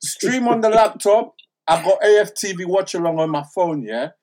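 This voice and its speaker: Male fan pundit, slangy and excitable, keeps hammering each point home. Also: high voice, moderate pace, a little hiss or hum. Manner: slangy, excitable storytelling, keeps repeating "listen" and "bruv". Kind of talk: animated fan rant.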